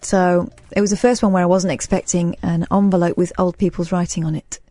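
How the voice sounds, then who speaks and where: Mellow young British radio co-host woman. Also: fairly low pitch, flat delivery, fairly quick, no echo. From Britain. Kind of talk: late-night radio talk.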